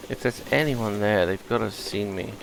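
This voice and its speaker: A man's voice: on the low side, moderate pace, gravelly, noisy background. A man hosting a gaming video, chatting casually and thinking aloud as he plays. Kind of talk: relaxed gameplay commentary.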